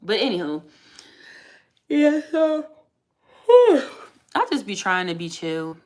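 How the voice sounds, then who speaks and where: A woman's voice: medium pitch, very animated, unhurried. A woman in her thirties, a mother of three, venting in a candid, emphatic and rambling way on a casual vlog.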